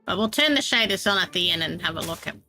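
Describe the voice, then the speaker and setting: Bright, gravelly-voiced woman chatting while gaming. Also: on the low side, expressive, fast talker, faint music behind, rough recording. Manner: chatty, self-deprecating, laughs often. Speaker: Minecraft streamer. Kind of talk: casual gameplay chat.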